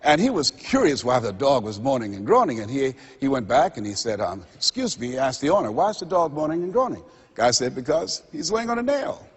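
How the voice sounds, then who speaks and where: Raspy motivational speaker in a reverberant hall. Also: male voice, medium pitch, sing-song. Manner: preacher-like, dramatic pauses, repeats phrases. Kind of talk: motivational seminar speech. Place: seminar hall before a live audience. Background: audience laughter.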